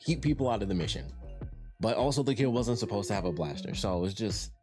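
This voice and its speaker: A man from Detroit talks through a show review in a loose, rambling way. He often repeats himself and restarts his sentences. His voice sits on the low side, and soft music plays faintly behind him. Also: animated, quick pace. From Detroit, USA. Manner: rambling, repeats words and restarts, many fillers. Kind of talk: casual spoken review.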